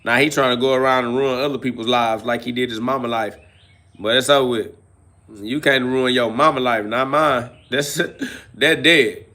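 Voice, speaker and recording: A man's voice: medium pitch, steady tone, normal speed, sharp tone. A man hosting a live self-talk podcast, preaching and mocking a troll in heavy slang. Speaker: podcast host.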